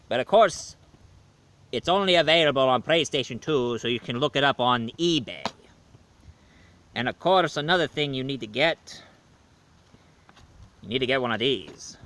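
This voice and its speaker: A man playing Dracula, a male vampire who is tired of killing, giving a slow, rambling video game review in character. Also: mid-range voice, fairly bright tone, lightly acted. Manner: slow, rambling, self-correcting.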